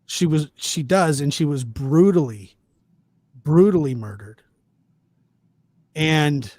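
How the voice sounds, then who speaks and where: A man hosting a podcast, talking in an indignant, halting way with many restarts. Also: fairly high pitch, a little mellow, no room sound. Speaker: podcast host. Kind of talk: casual chat.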